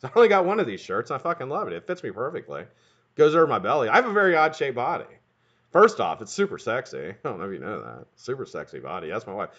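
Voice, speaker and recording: Fast-talking, profane streaming host, a man. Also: mid-range voice, big pitch swings, a bit bright, slightly rough. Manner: fast-talking, profane, greets chat by name. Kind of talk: casual live-stream chat.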